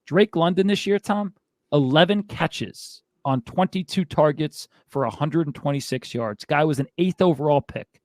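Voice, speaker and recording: Male fantasy football host, exasperated rant, slightly high pitch, dry close sound. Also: no echo. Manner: ranting, exasperated. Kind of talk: casual sports commentary.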